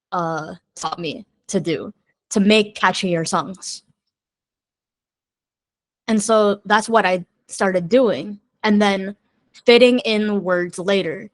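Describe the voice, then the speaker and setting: A woman songwriter talking as a podcast guest in a candid, chatty way, thinking out loud as she goes. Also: mid-range voice, no room sound.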